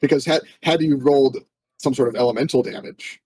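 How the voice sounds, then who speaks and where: A man's voice: medium pitch, brisk, low-quality recording. A man in a casual chat after a tabletop session, rambling a little and using plenty of fillers as he talks through the game. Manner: relaxed, rambling with many fillers. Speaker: game master.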